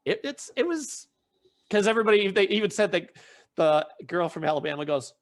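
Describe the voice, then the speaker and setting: High-sitting and sing-song, the male host's voice moves a little fast on this podcast. He retells a story in a chatty way, acting out what people said and often starting sentences over.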